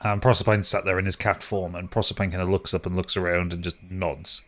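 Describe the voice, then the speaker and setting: Man running a tabletop game, lowish voice, stumbling narration. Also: little pitch movement, a little fast, fairly bright tone. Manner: hesitant, with restarts. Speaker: game master.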